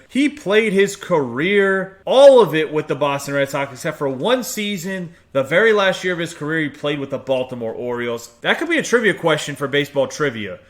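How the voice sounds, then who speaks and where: A man's voice: fairly high pitch, a bit bright. A man from the United States who grew up in Pittsburgh, giving a chatty, opinionated review of video game player cards and reading off long lists of stats. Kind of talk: casual game card review.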